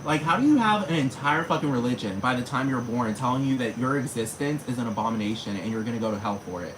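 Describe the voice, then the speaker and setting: A vlogger in their thirties in a profane ranting monologue. The speech runs on with constant swearing and filler words, at a middling pitch. Steady background hiss and chirping crickets run under the voice. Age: 30s. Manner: rapid, heavy swearing, many fillers.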